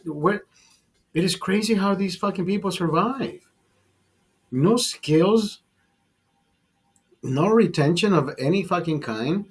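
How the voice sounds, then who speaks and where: A man talks in a loose, rambling way over a beer, dropping curses and calling his listener brother. His voice sits a bit high and has a husky, grainy edge. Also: darkish tone. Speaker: livestream host. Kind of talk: casual chat over beers.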